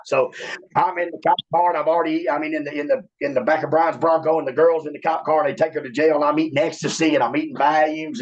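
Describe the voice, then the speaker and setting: A man, a former wrestler telling a long, rambling, profane story in casual talk. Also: on the high side. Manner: rambling, profane, with many restarts. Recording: muffled lo-fi audio.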